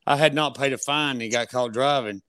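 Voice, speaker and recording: A man's voice: mid-range voice, moderate pace, fairly bright tone, smooth, no room sound, studio quality. A man, talking casually and profanely on a podcast.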